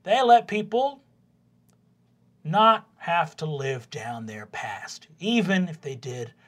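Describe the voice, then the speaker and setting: Animated man running a tabletop game. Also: fairly high pitch, slow pace. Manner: loose, rambling narration with frequent swearing. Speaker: game master.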